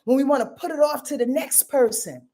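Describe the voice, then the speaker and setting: A woman's voice: high voice, brisk, dark tone. A woman astrologer giving a live reading, emphatic and talking straight to her viewers, repeating phrases and laughing at her own jokes, with features.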